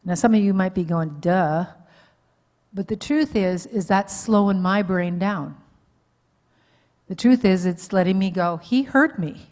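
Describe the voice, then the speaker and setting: A woman counselor speaks to a live church audience in an easy, conversational way. She keeps checking that people follow her and pokes fun at her own slips. Her voice sits at an ordinary middle pitch. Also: steady tone, a little slow, long pauses, dark tone. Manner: informal, checks in with the audience often, laughs at herself. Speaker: marriage counselor and conference speaker. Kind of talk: conversational teaching talk. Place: church hall, live event.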